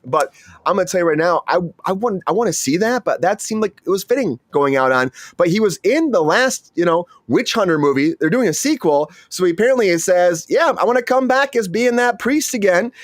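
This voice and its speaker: A man hosting a casual entertainment news chat, excitable and rambling with frequent restarts. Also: high voice, a little fast, dry recording, studio quality. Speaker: host.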